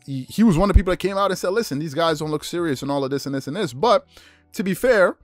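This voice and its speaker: A man hosting a sports talk show in a quick, chatty flow, often restarting his phrases. His mid-range voice sounds dry and close to the mic. Faint music plays underneath. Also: sits high, lively intonation, no room sound. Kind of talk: casual sports commentary monologue.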